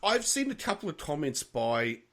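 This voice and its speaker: Aussie guy co-hosting a podcast, kinda high voice, blunt and swears a lot, laughs a ton. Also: moderate pace. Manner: animated, frank, swears freely, laughs often. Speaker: podcast co-host. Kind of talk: casual chat.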